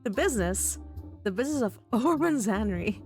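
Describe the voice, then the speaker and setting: A woman voicing a warm, doting grandmother, soothing but firm, in a visual novel. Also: on the high side, animated, moderate pace, faint music behind, natural voice. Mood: concerned.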